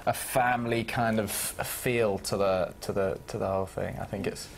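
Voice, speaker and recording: A young man with an English accent, chatting as an actor guest in an interview, halting and restarting often. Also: lowish voice, fairly even intonation, vocal fry, a little hiss or hum. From England. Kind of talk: casual interview chat.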